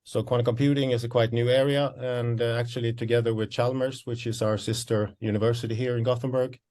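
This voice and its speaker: A man's voice: medium pitch, little pitch movement, fast, darkish tone. A man, an associate professor presenting study programmes in a webinar, slightly out of breath and hesitant as he explains.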